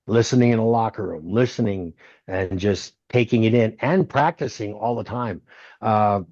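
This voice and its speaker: A man's voice: medium pitch, no echo. A man in his sixties, a former wrestler, telling stories in an interview and acting out other people's lines. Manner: animated storyteller who acts out others' lines. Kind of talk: storytelling interview. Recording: dull, dry, lo-fi sound.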